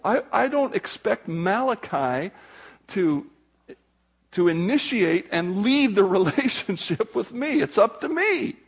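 An older man, a grandfather, preaching a sermon as pastor, animated and acting out the voices of people in his stories. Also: high voice, takes it slowly, slightly rough.

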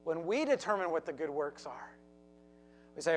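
A man's voice: a little high, very animated, moderate pace, slight background noise, low-quality recording. A man preaching a sermon as pastor, telling a story with emphatic repeats and acted quotes.

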